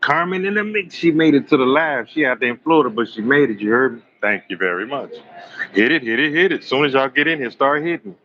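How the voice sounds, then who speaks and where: A man hosting a live astrology stream, telling raunchy comic stories in an animated, slangy way and joking with his chat. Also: a little high, fast, few pauses, lo-fi sound. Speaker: astrology livestream host. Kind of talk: live tarot reading with raunchy comic storytelling.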